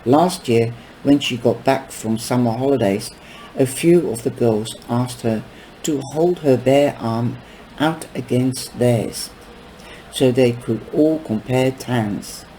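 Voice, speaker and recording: A man reading a novel aloud, unhurried, with small stumbles and casual asides. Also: mid-range voice, warm tone, slight background noise, poor audio. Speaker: book reader.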